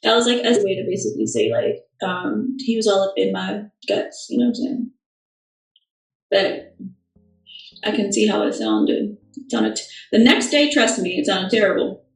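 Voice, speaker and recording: A woman's voice: mid-range voice, expressive, moderate pace, creaky, recorded from a distance. A young woman chatting casually on a livestream, answering fan questions with lots of fillers and restarts. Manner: chatty, rambling, many fillers. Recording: echoey room, off-mic.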